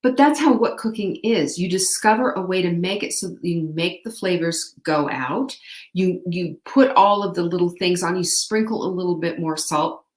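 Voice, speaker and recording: A woman's voice: fairly low pitch, moderate pace, echoey room. A woman hosting a live show, coaching her viewers in an upbeat, direct way. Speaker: host. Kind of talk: motivational live show talk.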